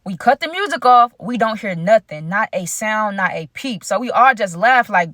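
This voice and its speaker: A woman's voice: medium pitch, animated, normal speed, hardly any pauses, a bit bright, no room sound, clean studio sound. A young woman telling a dramatic personal story in a casual, chatty vlog style, addressing her viewers directly.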